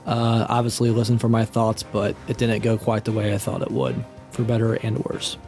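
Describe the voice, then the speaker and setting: A man's voice: fairly low pitch, completely flat delivery, moderate pace, mellow, faint music behind. A man co-hosting a podcast in casual chat, playful and ready to argue his picks. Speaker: podcast co-host.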